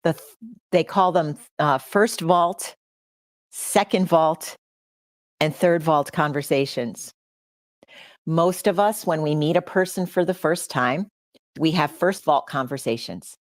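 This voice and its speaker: A woman's voice: low-pitched, takes it slowly, pauses often, no echo, clean studio sound. A middle-aged woman hosting a livestream, speaking earnestly and personally to her audience. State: choked up with emotion. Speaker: podcast host.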